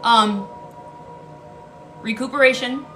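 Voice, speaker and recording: A woman's voice: fairly high pitch, slow pace, over music, rough recording. A woman giving a casual tarot reading, blunt and emphatic, swearing freely and repeating key lines for emphasis. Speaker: tarot card reader.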